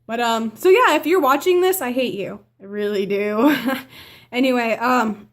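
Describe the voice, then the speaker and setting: Speaking to camera at a moderate pace in a fairly high voice, a teenage girl rambles through a personal story with fillers, restarts and self-corrections. She's chatty and casual, and she quotes her family members by acting out their lines.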